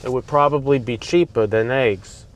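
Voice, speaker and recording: A Bronx man with a New York accent rants in a vlog while driving through city streets, talking back at the surrounding traffic. His voice is medium in pitch and moderately paced, captured by a dash-mounted camera with faint in-car road noise plus traffic and street sounds.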